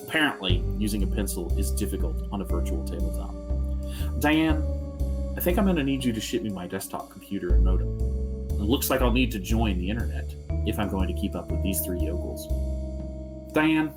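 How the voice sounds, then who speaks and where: A man voicing an earnest male detective who dictates dry, deadpan memos into a recorder, addressed to Diane. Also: fairly low pitch, brisk, loud music behind the voice. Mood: deadpan dictation.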